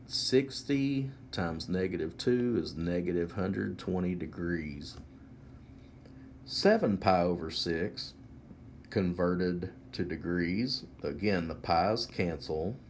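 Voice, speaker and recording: Casting: low-voiced male teacher, unhurried step-by-step whiteboard walkthrough, faint room hum. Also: darkish tone. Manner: slow, methodical, step-by-step explaining. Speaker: math teacher. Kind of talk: whiteboard lesson narration.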